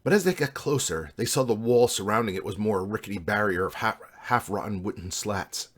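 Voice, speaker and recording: A man, the author, reading an excerpt of his fantasy novel in an even, measured way. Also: fairly low pitch, breathy edge. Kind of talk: book reading.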